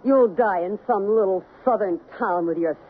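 Actress doing a cold scheming wife, dismissive, 1970s radio play, tinny broadcast sound. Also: female voice, medium pitch, moderate pace, breathy edge, close to an everyday voice. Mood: insistent. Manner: hard and dismissive, then coaxing. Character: cold, scheming woman hiding stolen money. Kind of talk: 1970s radio drama acting. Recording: narrow, phone-like old radio broadcast.

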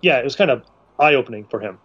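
A man talks through a comic page in casual podcast chat, earnest and reflective at a medium pitch. He halts and restarts as he searches for words. The recording is slightly dull and muffled, as if through a cheaper mic. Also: lively intonation, fast talker, a bit bright, slightly rough. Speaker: comic book podcast co-host.

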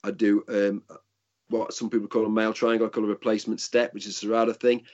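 A man's voice: on the low side, little pitch movement, fast, a little mellow, muffled recording. An older man and martial arts instructor answering interview questions in a casual, rambling way with frequent restarts.

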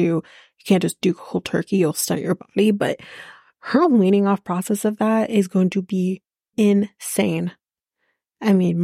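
A woman's voice: mid-range voice, vocal fry, dark tone, no echo, clean studio sound. A woman hosting a podcast who recaps a reality show in a rambling, sarcastic way and swears freely. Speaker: podcast host. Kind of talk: casual chatty reality TV recap.

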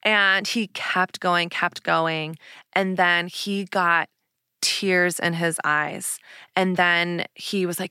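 A woman's voice: on the low side, steady tone, slow, pushed and bright, clear, resonant tone, no echo. A woman hosting her podcast, candidly retelling a personal story with fillers and laughs, close to the mic. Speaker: podcast host.

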